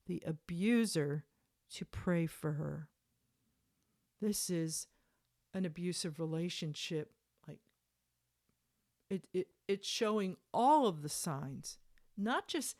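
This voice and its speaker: A woman's voice: on the low side, slow pace, pauses often, a little mellow. A woman reading messages aloud and breaking in with sarcastic, indignant commentary. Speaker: commentator reading court documents.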